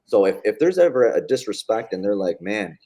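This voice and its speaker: A man's voice: lowish voice, big pitch swings, dark tone. A man co-hosting a casual business podcast, agreeing often and adding his own points. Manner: agreeable, quick back-channel replies. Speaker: podcast co-host.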